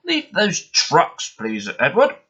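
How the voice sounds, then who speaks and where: Guy doing a bossy railway boss, firm and loud, muffled old-sounding audio. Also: a little high, huge pitch swings, slow, breathy edge, pitched above the performer's own voice, full character voice. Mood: kindly. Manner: firm, commanding, blustering. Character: stout, stern, fussy male railway boss.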